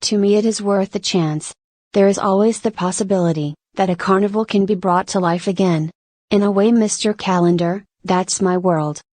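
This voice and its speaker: A woman's voice: mid-range voice, normal speed, darkish tone, no room sound, close to an everyday voice. A woman reading aloud as a resolute middle-aged mother who once sang and danced on stage, with a firm, determined manner. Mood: passionate.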